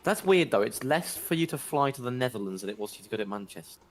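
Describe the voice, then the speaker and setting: Joking around on a voice call, a man reads out messages from viewers in a casual chat. His mid-range voice is expressive and quick, and there's noise in the background.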